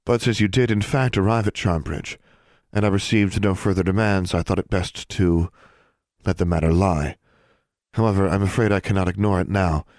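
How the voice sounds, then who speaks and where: A man voicing a stern, formal woman school dean who speaks crisply with a slight edge in a storybook reading. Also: deep voice, steady tone, moderate pace, darkish tone, dry recording, clean studio sound.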